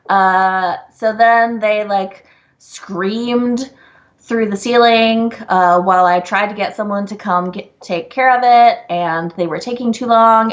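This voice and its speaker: A woman co-hosting a casual live Q&A stream, telling stories and laughing often. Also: dull audio. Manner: animated storyteller, laughs often, jumps high in quoted bits. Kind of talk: casual chat.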